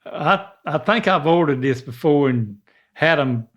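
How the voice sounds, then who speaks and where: A man's voice: on the high side, lively intonation, a bit bright. An older man, chatting on a podcast and sounding out words hesitantly. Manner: hesitant, slow to sound out words, easy laughs. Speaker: podcast co-host. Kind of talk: casual podcast chat.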